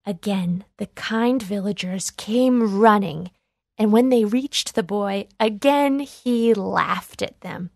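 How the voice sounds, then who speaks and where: A woman reads a children's read-along storybook aloud, her voice clear and expressive. Her pace is slow and steady, her pitch in the middle range, and the recording sounds close and dry.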